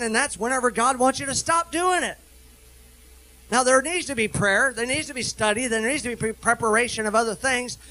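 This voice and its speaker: High-voiced man preaching animatedly. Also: poor audio. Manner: animated preaching, swings between quick asides and slow emphatic scripture reading. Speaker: minister. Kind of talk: sermon.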